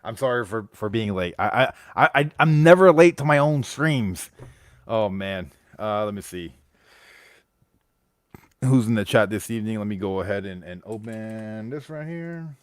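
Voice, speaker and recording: A man's voice: on the low side, lively intonation, normal speed, no echo, studio quality. Rambling, casual American man streaming live. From United States. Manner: rambling, stumbling restarts, greets chat members.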